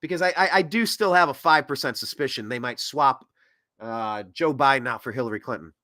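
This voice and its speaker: A man hosting a political commentary show, ranting in an animated way that swings between loud and soft. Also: medium pitch, brisk, dry recording, studio quality. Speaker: host.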